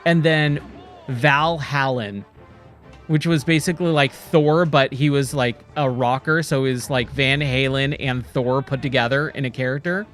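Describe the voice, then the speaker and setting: A man in his forties streaming a game, rambling casually and nostalgically, full of "dude" and quick excited asides. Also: mid-range voice, soft background music. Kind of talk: casual gameplay commentary. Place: home, playing a VR game.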